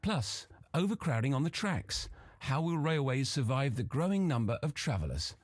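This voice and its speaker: An actor playing a calm male radio news anchor in a video game, reading the news in a smooth, measured broadcast style. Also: medium pitch, dry recording, studio quality. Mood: steady.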